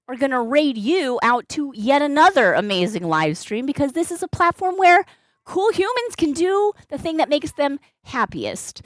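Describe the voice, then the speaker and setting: Her voice is high-pitched with big pitch swings at a normal speed, recorded without echo. The balloon-artist streamer chats casually and playfully on her live stream, thanking viewers effusively and using baby talk with her cat.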